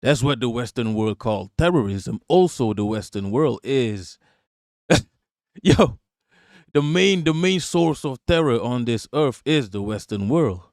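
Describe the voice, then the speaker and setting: A livestream host reacts to news clips with profane rants, laughing readily. His mid-range voice is animated with a darkish tone, captured dry with clean studio sound.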